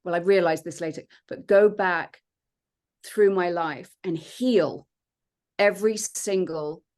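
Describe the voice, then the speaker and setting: Low-voiced woman telling her story. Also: unhurried, a little mellow. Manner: earnest, reflective, with many fillers. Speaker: podcast guest, transformation coach. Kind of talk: personal storytelling in conversation.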